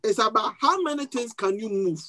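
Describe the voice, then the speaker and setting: Brisk and forceful, a pastor with a non-native accent delivers a sermon to a live congregation in a bright, mid-range voice with lively intonation, recorded roughly. Questions and call-and-response draw the crowd in, key words get repeated for weight, and phrases often restart.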